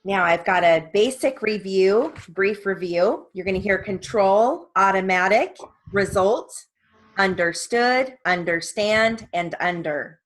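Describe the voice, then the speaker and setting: Casting: woman, steno dictation reader, very slow and measured, mid-range voice. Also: medium pitch, poor audio. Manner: reads word lists and sentences evenly, with short spoken asides.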